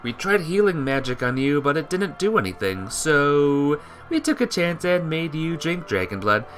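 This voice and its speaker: A man voicing a calm, kindly young female witch, reading game dialogue in a gentle, reasoning way. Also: on the high side, moderate pace, faint music behind, voice pushed up. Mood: explaining. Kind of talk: game dialogue read aloud.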